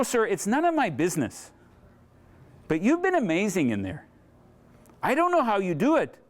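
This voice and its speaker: A woman's voice: medium pitch, voice pushed up, natural voice. A man putting on the voice of an impressed woman shopper, speaking eagerly in a raised voice.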